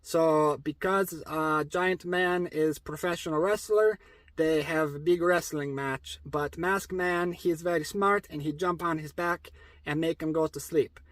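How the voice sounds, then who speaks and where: A man tells a story for kids in a playful, deliberately broken English, full of fillers. His voice sits fairly high. The recording is close and dry. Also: fairly even intonation, a bit bright, no room sound. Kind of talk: comic story retelling.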